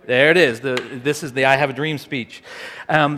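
A man's voice: mid-range voice, steady tone, moderate pace, pushed and bright. A man speaking informally to a gathered audience, quizzing them between recitations, with frequent fillers and restarts. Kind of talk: informal address with dramatic recitation. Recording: long reverb of a large hall.

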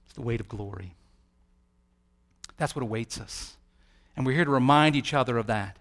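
A man preaching a sermon, rising to loud peaks and dropping to quiet, hushed lines, sometimes acting out the voices he quotes. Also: medium pitch, moderate pace. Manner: dramatic swings from soft to loud.

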